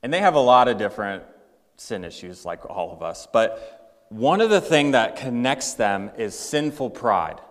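A man's voice: mid-range voice, sing-song, normal speed, in a large hall. A male pastor preaching a sermon in a conversational way, acting out everyday examples. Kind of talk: sermon with storytelling.

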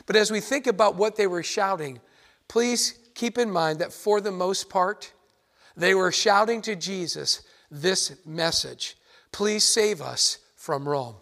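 A pastor delivers a sermon in a fairly high male voice. He speaks earnestly and with emphasis, circling back to repeat key phrases so his listeners catch them. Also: unhurried, a bit bright.

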